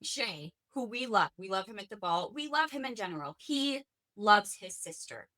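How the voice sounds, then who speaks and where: A woman's voice: medium pitch, lively intonation, normal speed, pushed and bright. A woman hosting a podcast, chatting casually and enthusiastically about fantasy books and swearing now and then. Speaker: podcast host. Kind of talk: casual book chat.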